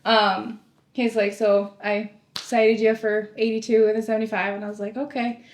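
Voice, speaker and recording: Podcast guest: young woman, animated storyteller, higher voice, roomy echo. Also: moderate pace. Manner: animated storyteller, acts out quoted dialogue, laughs often. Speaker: former sheriff's deputy, podcast guest. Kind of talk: casual storytelling chat. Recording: echoey room.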